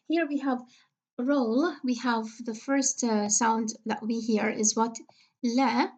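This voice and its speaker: A woman teaching English pronunciation in a recorded lecture, patiently repeating example words slowly with frequent fillers. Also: fairly high pitch, a little mellow, lo-fi sound.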